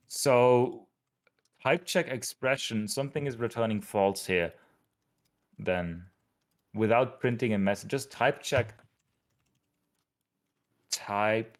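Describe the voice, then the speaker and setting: A man with a Northern English accent, chatting casually and rambling on while he streams his compiler work. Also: lowish voice. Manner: rambling, animated explainer. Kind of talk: casual live-stream chat.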